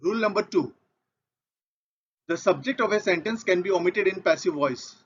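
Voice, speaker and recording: Man, Indian English accent, grammar lesson, methodical, repeats points, fairly high voice, muffled lo-fi sound. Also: normal speed, breathy edge. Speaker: English teacher. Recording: dull lo-fi audio.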